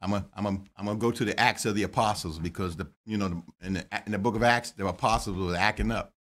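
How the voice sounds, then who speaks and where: A man preaching a sermon in a lively, joking way, with quick asides and calls to the congregation. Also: lowish voice. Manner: lively preaching with jokes and laughter. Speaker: pastor.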